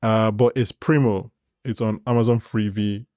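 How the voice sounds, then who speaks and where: This podcast co-host is a man with a fairly low, slightly mellow voice, speaking at a moderate pace with a steady tone. In a casual chat he rambles and frequently restarts his sentences, and the studio recording is clean with no echo.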